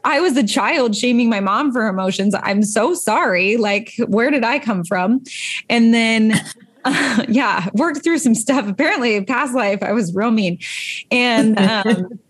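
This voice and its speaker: A woman's voice: a little high, measured pace, breathy edge. A woman in her thirties, a co-host talking earnestly and reflectively about emotions and parenting, with many fillers. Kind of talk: casual chat.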